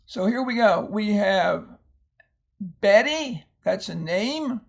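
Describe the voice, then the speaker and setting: Slow gravelly man teaching phonics. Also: sits high, animated. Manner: patient, explanatory, with homely asides. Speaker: reading teacher. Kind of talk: phonics lesson reading a word list.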